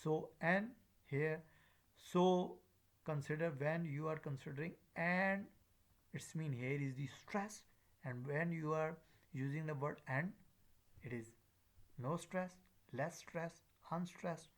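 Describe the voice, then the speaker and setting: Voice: medium pitch, takes it slowly, rough recording. A pronunciation teacher giving a recorded lecture, hesitant with frequent fillers and drilling example words one at a time.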